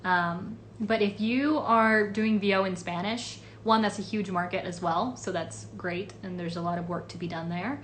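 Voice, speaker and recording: A woman's voice: mid-range voice, fairly even intonation, moderate pace, few pauses, slight background noise. A woman voice actress answering fan questions in a casual livestream, chatty and rambling with many fillers. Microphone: phone or webcam livestream.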